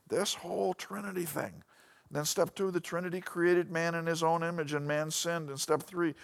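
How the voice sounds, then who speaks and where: A man giving a sermon-style Bible lesson, animated and storytelling, often restarting his sentences. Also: on the high side, normal speed, vocal fry. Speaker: Bible teacher.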